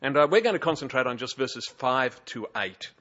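A man's voice: medium pitch, animated, a little fast, fairly bright tone, lo-fi sound. A man with an Australian accent preaching a sermon in a conversational, wryly humorous way, with frequent hesitations, in a church. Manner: conversational, chatty, with frequent uh fillers and wry humour. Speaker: pastor.

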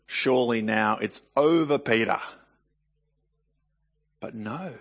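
A man's voice: mid-range voice, unhurried, gravelly, long pauses, a bit bright, lo-fi sound. Man reading scripture with chatty commentary. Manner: conversational, asks listeners rhetorical questions. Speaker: Bible teacher.

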